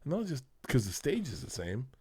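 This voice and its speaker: Male comedian guest, rambling profane podcast chat, mid-pitch. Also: wildly swooping pitch, fast talker, dark tone, husky. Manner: loose, profane, rambling storytelling.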